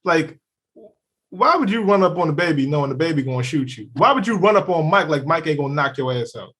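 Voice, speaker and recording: An animated man co-hosting a podcast, cursing freely and dropping into voices to act out what other people said. His voice sits a little high for a man. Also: brisk. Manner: animated, profane, acts out quotes in funny voices. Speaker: podcast co-host. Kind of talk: casual chat.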